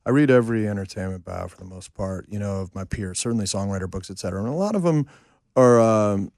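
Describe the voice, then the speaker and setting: A man in his fifties, a songwriter and producer, telling animated, self-deprecating stories in a casual interview. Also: on the low side, fast, no echo, studio quality. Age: 50s. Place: home studio room.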